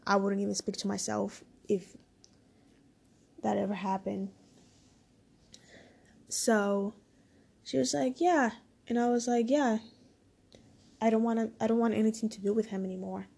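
A woman's voice: medium pitch, steady tone, a little slow, vocal fry, pauses often, warm tone, breathy edge. A woman casually telling a personal story, rambling and full of "like" as she quotes what people said.

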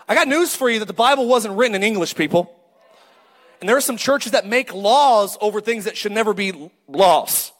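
A middle-aged male pastor preaching a lively, joking sermon and calling out to the congregation. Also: sits high, normal speed, in a large hall. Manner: animated, joking, calls for crowd response.

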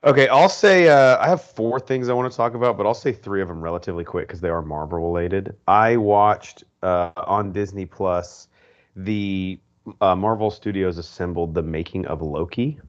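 A man's voice: low-pitched, normal speed, highs cut off. A man hosting a podcast, chatting enthusiastically in a casual way with frequent fillers. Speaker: podcast host. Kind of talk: casual chat.

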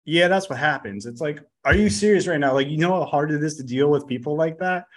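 A man who is a podcast guest, talking casually in a rambling, blunt way, full of fillers and swearing. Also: fairly high pitch. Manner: rapid, rambling, full of "like" and "you know". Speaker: podcast guest, business coach. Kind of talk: casual interview chat.

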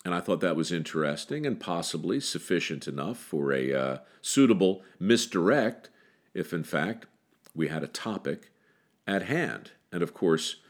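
A man with a very deep voice hosts a storytelling podcast, telling a tale with dramatic pauses and a wry tone. His delivery swings widely in pitch, rising and falling for emphasis. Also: expressive. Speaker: podcast host. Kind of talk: storytelling narration then casual talk.

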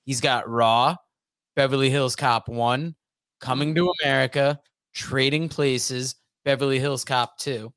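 A man co-hosting a podcast who reads out listener lists in casual chat, moving the segments along briskly. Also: medium pitch, fairly even intonation, a bit bright, no room sound. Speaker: podcast co-host.

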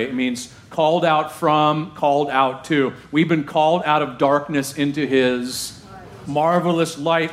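A man preaching a casual, animated sermon to his congregation, using slang and asking them questions. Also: on the high side. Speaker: pastor.

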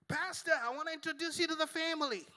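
A man voicing a fussy woman who dotes on her big dog, coaxing and scolding it in a shrill high voice. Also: fast talker, sharp tone, a little hiss or hum.

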